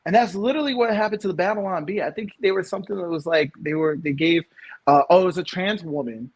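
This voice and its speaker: A man's voice: high voice, quick pace. A man in his thirties from New York, co-hosting a casual podcast and rambling through opinions with many restarts and emphatic bursts. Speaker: podcast co-host.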